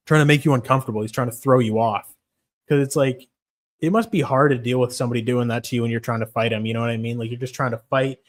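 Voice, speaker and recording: A young man chatting casually on a stream, rambling, swearing freely and laughing often. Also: mid-range voice. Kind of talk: casual MMA stream chat.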